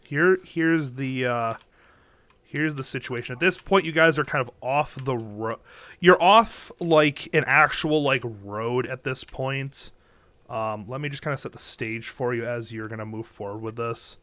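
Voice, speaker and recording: Bright, crisp young man running a game. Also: mid-range voice, unhurried. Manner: rambling, many fillers and restarts. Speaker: game master. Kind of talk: narrating a tabletop game over voice chat. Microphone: headset or desk mic on a voice call.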